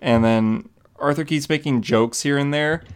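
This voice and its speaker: A young man co-hosting a casual comic book podcast, recapping a story with quick acted-out quotes. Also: medium pitch, smooth. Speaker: podcast co-host.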